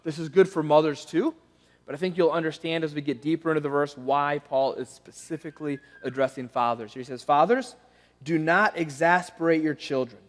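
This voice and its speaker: A man preaching a sermon as pastor, telling a story with animation and then turning soft and pleading. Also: on the high side, a little fast. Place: church auditorium. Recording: long reverb of a church hall.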